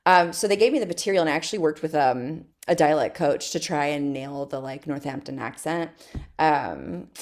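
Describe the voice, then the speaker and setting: A woman with a notably low speaking voice chats as an interview guest. She tells her stories in an animated, casual way and breaks into laughter often. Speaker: guest, stage actress.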